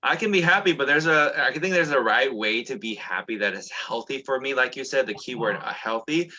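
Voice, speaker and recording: A man talking in a chatty, animated way as co-host of a casual discussion. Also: mid-range voice, fairly quick. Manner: animated, chatty, many fillers and restarts. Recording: dull lo-fi sound.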